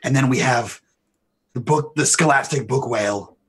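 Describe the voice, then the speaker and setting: A man's voice: medium pitch, moderate pace, a bit bright, slightly rough. A man playing his character in a tabletop game, matter-of-fact and dry. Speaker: player. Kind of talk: in-character play.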